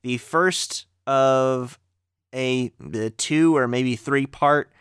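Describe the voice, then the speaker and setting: An easygoing young man co-hosting a podcast, with a smooth, resonant voice. He speaks matter-of-factly and drops dry asides. The close mic sounds completely dry, with no room heard around him. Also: medium pitch, steady tone, very slow, fairly bright tone, dry recording. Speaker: podcast co-host. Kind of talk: casual podcast chat.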